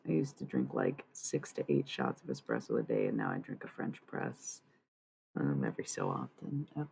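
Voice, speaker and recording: A woman's voice: rumbling low, gravelly, warm tone, slight background noise, low-quality recording. A woman livestreamer rambling casually with her viewers, cursing freely as she talks. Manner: rambling, profane, chatty.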